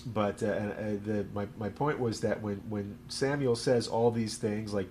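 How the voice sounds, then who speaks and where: A man's voice: on the low side, steady tone, a little slow, hardly any pauses, darkish tone, slight background noise. A man, a rabbi hosting a livestream, teaching casually with jokes and lots of fillers. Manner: chatty and joking, with frequent fillers. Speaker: rabbi and stream host.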